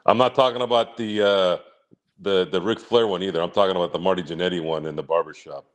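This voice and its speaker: A man's voice: sits low, fairly even intonation, fast talker. A man trading teasing insults with his co-host on a casual sports podcast. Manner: needling, trash-talking, laughing.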